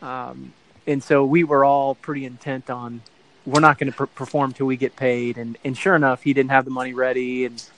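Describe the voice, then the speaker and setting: A middle-aged man spins a casual story as an interview guest, meandering and backtracking to fix details. His voice sits at an ordinary middle pitch, easygoing and conversational. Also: level tone, moderate pace, a bit bright, slight background noise, rough recording. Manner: rambling, self-correcting storyteller who acts out quoted voices. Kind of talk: casual anecdote telling.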